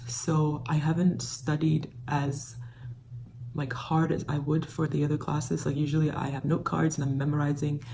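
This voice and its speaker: A woman's voice: sits low, warm tone, a little hiss or hum, poor audio. A young woman in her twenties talking to camera about law school finals, anxious and rambling with many fillers. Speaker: law student vlogger. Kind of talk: casual vlog talk to camera.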